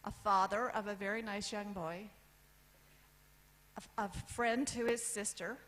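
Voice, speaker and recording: A woman in her fifties from the United States telling a personal story on stage, candid, with lists and pauses for effect. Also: medium pitch, steady tone, fairly bright tone, low-quality recording. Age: 50s. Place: event stage.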